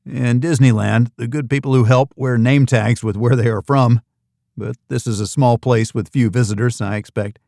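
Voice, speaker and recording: A man narrating a thriller audiobook in the first person, in an even, measured reading. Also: mid-range voice, vocal fry, no room sound, clean studio sound.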